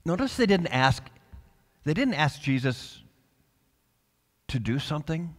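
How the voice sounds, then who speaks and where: Preaching pastor in an echoing church hall. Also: male voice, a little high, very animated, measured pace. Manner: passionate preaching, swinging from soft to loud. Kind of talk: sermon. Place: church sanctuary.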